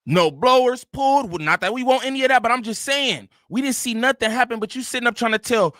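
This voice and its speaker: A man's voice: extremely high pitch, quick pace, sharp tone, dry recording, clean studio sound. A man hosting a reaction channel, giving joking, slangy commentary. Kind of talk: casual commentary.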